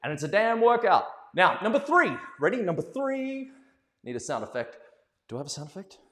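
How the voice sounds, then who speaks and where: A man teaching a live ballroom dance lesson, playful and animated, joking in asides and counting the beats aloud. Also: high voice, brisk. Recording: echoey room with long reverb.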